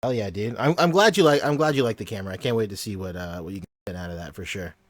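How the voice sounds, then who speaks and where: A man's voice: on the low side, rapid-fire, no echo, studio quality. A man co-hosting a podcast in casual chat, who laughs often while talking. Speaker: podcast co-host.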